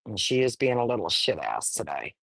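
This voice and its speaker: A woman's voice: very deep voice, very animated, brisk, vocal fry, breathy edge, no room sound. A woman breeding dogs, casually livestreaming while she firmly coaxes a wriggling puppy, talking in a folksy way. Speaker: dog breeder.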